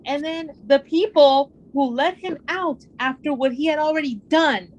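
A woman's voice: high voice, moderate pace, poor audio. A woman co-hosting a true crime podcast, speaking in an outspoken, indignant way. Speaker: podcast co-host. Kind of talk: casual chat.

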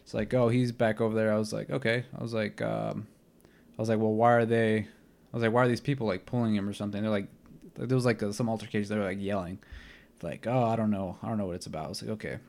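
A young man with a fairly low voice tells a long, casual story. He rambles, fills his speech with "like" and "um", and acts out what each person said. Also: fairly even intonation, fast, creaky, a little mellow. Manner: rambling, filler-heavy, retells scenes with quoted dialogue. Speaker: podcast host.

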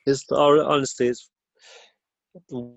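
A man's voice: medium pitch, level tone, slow pace, gravelly, no echo. A man co-hosting a casual comedy podcast while ill with a dry cough, with laid-back, dry banter. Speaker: podcast co-host.

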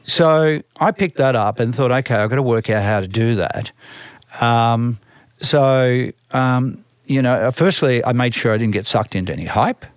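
In clean studio sound without echo, a man with a mid-range voice talks at a moderate pace. He has an Australian accent and tells lively stories from his time as a music manager, impersonating the people he quotes and often restarting mid-sentence in this storytelling conversation.

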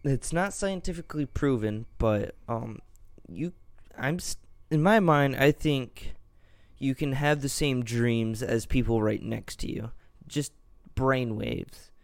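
A man's voice: mid-range voice, slow, gravelly, no room sound. A young man co-hosting a casual chat, adding wry, rambling comments. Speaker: co-host, host's son.

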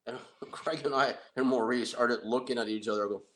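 A middle-aged man telling an anecdote in a casual, excitable way, with restarts. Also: mid-range voice, quick pace, low-quality recording. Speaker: guest storyteller. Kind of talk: casual anecdote on a talk show.

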